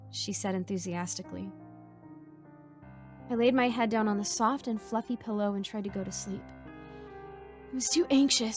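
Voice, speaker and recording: A woman narrating a first-person horror story in an even storytelling manner. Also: medium pitch. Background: faint music.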